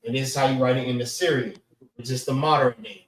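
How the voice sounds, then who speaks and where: A man's voice: medium pitch, fairly even intonation, fast talker, roomy sound, rough recording. A man teaching a class over an online call, talking loosely and checking in with his listeners again and again. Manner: repeats "all right" as a check-in, loose and conversational. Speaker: class instructor. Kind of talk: casual spoken lecture.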